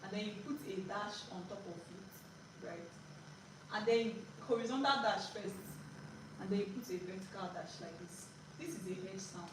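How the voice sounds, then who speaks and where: A woman's voice: mid-range voice, moderate pace. A woman teaching a live beginner language lesson. She is patient, repeats her points and often checks in with "right?". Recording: echoey room, distant mic, background noise.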